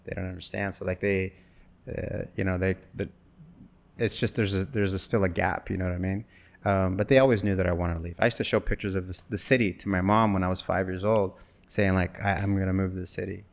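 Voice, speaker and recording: A man's voice: deep voice, fairly quick, creaky. A man in his forties from Wyoming, an actor telling stories in a casual interview, rambling and acting out bits of dialogue. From Wyoming, USA. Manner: rambling, animated, acts out quoted dialogue. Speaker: actor guest.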